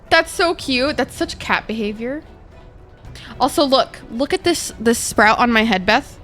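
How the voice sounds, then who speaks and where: A young woman streaming a game, chatting casually with her viewers, swearing freely and reacting excitably. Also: on the high side, moderate pace, faint music behind. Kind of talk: casual live-stream chat.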